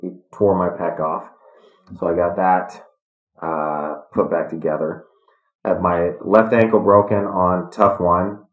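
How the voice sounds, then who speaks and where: A middle-aged man telling stories in a podcast interview, calm and reflective. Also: low-pitched, slow pace, narrow, tinny audio. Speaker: guest, retired fighter. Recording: echoey room.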